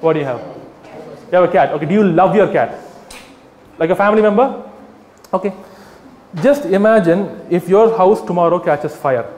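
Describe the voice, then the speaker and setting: A vegan activist gives a live public talk to a crowd in an echoey hall with faint room ambience. His high voice moves at normal speed with long pauses, and he's animated and mocking, acting out scenes by voicing quoted characters.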